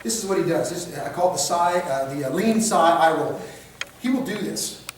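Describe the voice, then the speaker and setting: High-voiced man lecturing in an echoey room. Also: normal speed, slight background noise. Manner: animated, acts out examples in mocking voices. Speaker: de-escalation trainer. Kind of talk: classroom lecture. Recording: echoey room, recorded from far off.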